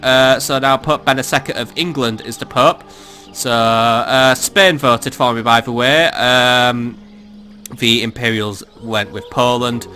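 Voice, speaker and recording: A man's voice: medium pitch, pushed and bright. A man giving casual, sardonic gameplay commentary as a let's play host, swearing freely and thinking aloud.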